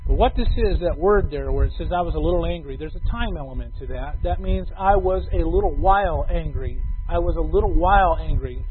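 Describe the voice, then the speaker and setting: A man preaching an expository sermon as pastor, teaching verse by verse and building to loud, emphatic stress on key phrases. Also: fairly high pitch, lively intonation, brisk, breathy edge. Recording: tinny phone-like sound.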